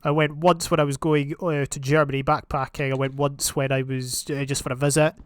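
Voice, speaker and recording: A young man giving casual, rambling commentary on his own gameplay, with sudden excited outbursts. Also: medium pitch, a little fast, clean tone, no echo. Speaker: gaming channel host.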